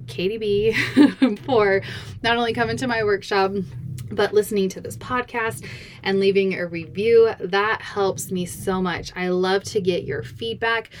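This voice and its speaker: A woman hosts her podcast in an easy, chatty way, bubbly and quick to laugh. She speaks slowly and unhurriedly. A slight breathlessness runs under her words. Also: medium pitch, steady tone, slight background noise. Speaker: podcast host. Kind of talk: casual podcast talk.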